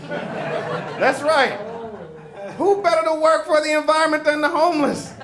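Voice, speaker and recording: A man from Chicago doing punchy, animated stand-up comedy as host on a stage mic. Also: very high voice, measured pace, crowd noise. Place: comedy stage before an audience.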